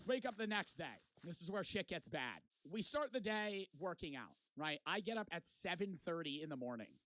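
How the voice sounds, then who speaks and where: Young guy with a pretty high voice, rambling storytime, swears constantly, keeps saying "right?". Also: very animated, normal speed, pushed and bright. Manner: rambling, profane, repeats "right?". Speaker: vlogger. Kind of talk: casual storytelling.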